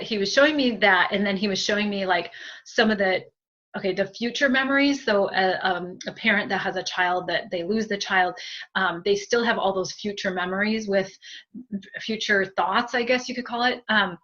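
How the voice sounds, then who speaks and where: A woman medium giving a group reading in a gentle, chatty way, with many fillers and soft thank-yous. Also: medium pitch, lo-fi sound. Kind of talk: spiritual reading, conversational.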